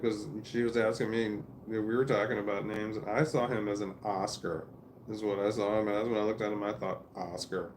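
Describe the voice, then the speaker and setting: A man's voice: on the low side, darkish tone, a little hiss or hum. A man telling a rambling family story in a casual, profane monologue, restarting his sentences often.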